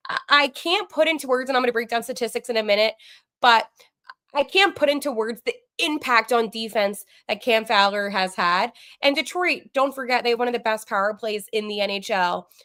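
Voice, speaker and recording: Bright, gushing woman sports podcast host. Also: on the high side. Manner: gushing and flustered, fast asides with fillers. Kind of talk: excited live post-game sports chat. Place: at home.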